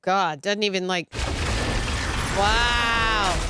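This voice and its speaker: A woman co-hosting a movie reaction, full of excited exclamations, cheering the characters on. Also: medium pitch, very slow, very noisy. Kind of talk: casual reaction chat over a movie. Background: movie soundtrack playing.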